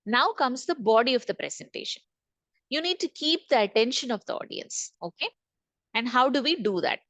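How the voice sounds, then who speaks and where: A woman's voice: fairly high pitch, animated, moderate pace, fairly bright tone, no echo. A woman trainer leading an online session, repeating key points and asking the group questions. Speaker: corporate trainer. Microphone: video call.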